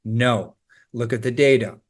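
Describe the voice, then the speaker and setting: A man's voice: medium pitch, measured pace. Upbeat male test-prep teacher. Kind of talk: scripted instructional explanation.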